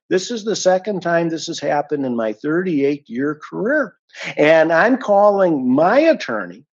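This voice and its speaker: A man's voice: mid-range voice, darkish tone, highs cut off. A man giving an indignant, emphatic account of a complaint as an unhappy client, stressing and repeating his points. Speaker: dissatisfied client giving a review.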